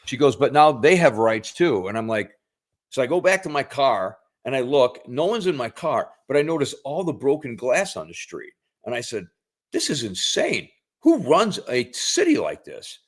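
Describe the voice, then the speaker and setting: Give me a middle-aged man telling a story on a podcast, folksy and unhurried. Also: mid-range voice, animated. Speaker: podcast co-host. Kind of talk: casual political chat.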